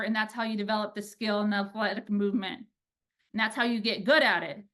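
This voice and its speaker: Woman, 30s, upbeat pitching coach addressing coaches; animated delivery, slightly high register. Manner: energetic, animated, peppered with "like" and "right?".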